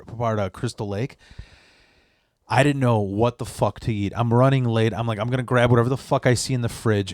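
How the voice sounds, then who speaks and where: A man's voice: mid-range voice, no echo, clean studio sound. Profane rambling male storyteller. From Chicago area. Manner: profane, rambling with many restarts. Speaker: podcast guest. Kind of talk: casual storytelling.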